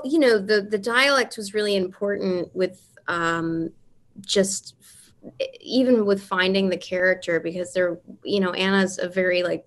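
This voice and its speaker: A woman actress answering interview questions casually, halting with restarts and fillers. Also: medium pitch, fairly bright tone. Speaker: actress guest.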